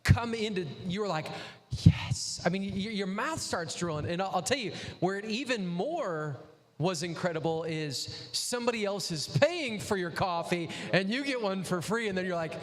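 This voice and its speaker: A man's voice: high-pitched, lively intonation, moderate pace. Enthusiastic male host in an echoey hall. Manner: enthusiastic, emphatic repetition. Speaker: interview host. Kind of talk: casual interview chat.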